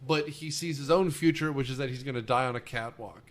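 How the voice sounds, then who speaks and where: A man's voice: mid-range voice, a little fast. A man hosting a casual movie podcast, retelling scenes in a jokey, rambling way. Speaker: podcast host. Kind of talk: casual film podcast chat.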